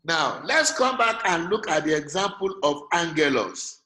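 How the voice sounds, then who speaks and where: A man's voice: a little high, very animated, unhurried, bright, forceful tone. A man with a Nigerian English accent teaching an online class, patiently checking that his students follow. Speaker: lecturer. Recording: echoey room, faint noise.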